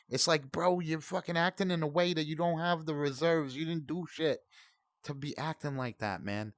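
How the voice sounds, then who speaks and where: A man's voice: fairly high pitch, no room sound, clean studio sound. A man in his forties hosting a gaming channel, ranting in profane, heated, rambling commentary. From United States.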